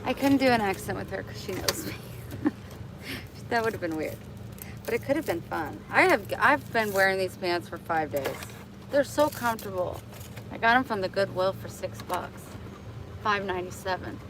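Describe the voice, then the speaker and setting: A woman's voice: mid-range voice, animated, moderate pace, noisy background. A woman vlogger live-streaming casually from her car, chatty and thankful to viewers.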